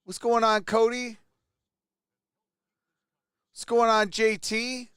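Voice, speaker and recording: A man hosting a casual live stream with a hoarse, worn-out voice, who greets viewers one by one and laughs often. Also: very high-pitched, steady tone, takes it slowly, fairly bright tone, no room sound, studio quality. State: hoarse, voice nearly gone. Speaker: livestream host.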